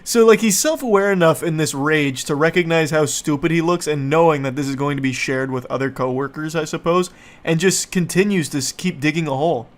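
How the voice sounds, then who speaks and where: A man reads and mocks messages in a comedic reaction style. His delivery is dry and deadpan, dripping with sarcasm. His voice sits a little higher than most men's. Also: brisk. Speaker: online commentator.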